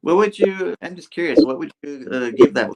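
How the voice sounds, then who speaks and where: A man's voice: a little high, lively intonation, normal speed, creaky, darkish tone, low-quality recording. A man co-hosting a casual chat show, retelling a comic book scene by scene. His delivery is loose and rambling, full of fillers and restarts. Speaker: co-host reading a comic aloud.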